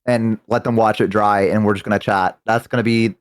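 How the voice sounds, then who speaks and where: A man's voice: on the low side, flat delivery, a little fast, clean tone, dry recording. A man chatting casually on a live stream, rambling and talkative with many restarts, close to a desk microphone.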